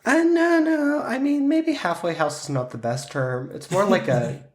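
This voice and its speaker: A man's voice: a little high, huge pitch swings, normal speed, echoey room. A man hosting a podcast with a sinus cold, chatting casually and joking with a lot of swearing. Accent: Pittsburgh. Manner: joking, profane, casual banter. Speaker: podcast host. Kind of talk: casual chat.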